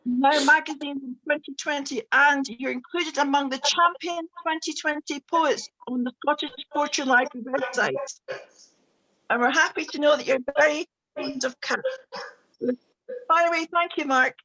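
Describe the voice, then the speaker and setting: A woman's voice: sits high, steady tone, moderate pace, bright, forceful tone, highs cut off. A woman hosting an online book launch on a video call, introducing each reader with chatty remarks and frequent ums.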